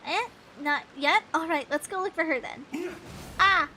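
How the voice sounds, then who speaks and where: A young woman casually commentating her gameplay, excitable and rambling, with frequent giggles and sudden yelps. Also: extremely high pitch, measured pace, a little hiss or hum. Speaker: gaming channel host. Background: game music.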